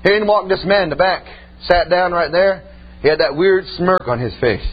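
High-voiced folksy preacher man. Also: normal speed, breathy edge. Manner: folksy storytelling preaching, repeated "amen" and "man". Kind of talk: sermon. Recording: dull lo-fi sound with faint hum.

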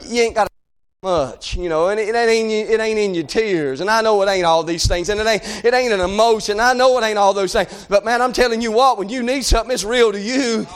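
A man preaching a sermon, impassioned, often shouting and crying out between conversational asides. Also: high-pitched, fast talker, hardly any pauses, clean tone.

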